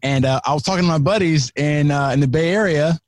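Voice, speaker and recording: A man's voice: fairly high pitch, fast talker, slight background noise. Loose, slangy man swearing freely. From California. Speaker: podcast guest. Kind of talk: casual chat.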